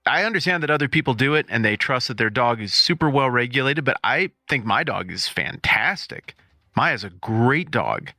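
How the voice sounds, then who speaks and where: Animated bright-voiced man, comic rants. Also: mid-range voice, normal speed, no echo, studio quality. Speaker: podcast co-host. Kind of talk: casual chat.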